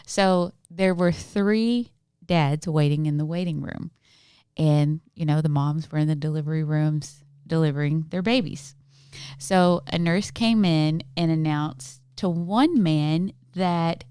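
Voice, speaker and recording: A woman with a low, smooth, clear voice, co-hosting a casual podcast. She tells jokes with animated delivery and laughs often. The sound is dry and close. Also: slow, no room sound. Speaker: podcast co-host. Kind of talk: casual chat, telling jokes.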